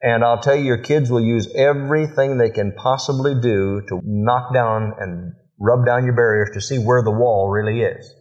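A man's voice: medium pitch, steady tone, moderate pace, hardly any pauses, darkish tone. A middle-aged man preaching a sermon as pastor, telling family stories in a folksy way and acting out what he said to his children. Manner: folksy storytelling, acts out dialogue with his children. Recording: muffled lo-fi recording.

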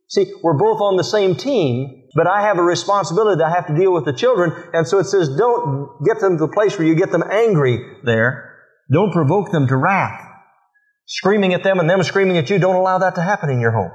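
Middle-aged male pastor, folksy storyteller, slightly high voice, muffled lo-fi sermon tape. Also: lively intonation, brisk. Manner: folksy storytelling, acts out dialogue with his children. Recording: muffled lo-fi recording.

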